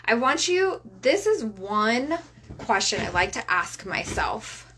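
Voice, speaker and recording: A woman coach in a casual motivational talk, often asking "right?", who slows down to lead guided breathing. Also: fairly high pitch, very animated, sharp tone, slight background noise. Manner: chatty, tags sentences with "right?"; leads slow guided breathing. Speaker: reiki coach.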